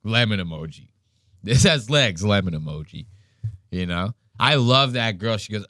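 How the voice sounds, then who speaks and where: A man's voice: on the low side, normal speed, dry recording, studio quality. A man hosting a podcast in casual chat, swearing often and mimicking people as he tells stories. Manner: profane, animated, mimics people mid-story. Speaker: podcast host.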